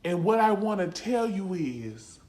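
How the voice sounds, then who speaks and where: A calm, soothing counselor, as a woman puts her on, drawing her words out very slowly and sinking to a hushed whisper. Her voice sits lower than the speaker's own and rings in an echoey room. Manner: slow, hushed, dropping into whispers.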